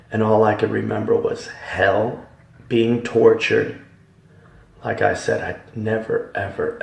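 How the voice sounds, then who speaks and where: A man with a lowish, slightly mellow voice and vocal fry gives a religious testimony, telling his story dramatically, emphatically and repetitively. He sounds far off in an echoey room.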